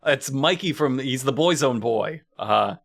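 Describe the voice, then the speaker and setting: A man co-hosting a comedy podcast, riffing on a movie with deadpan, dark one-liners. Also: medium pitch, a little slow, creaky. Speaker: podcast co-host.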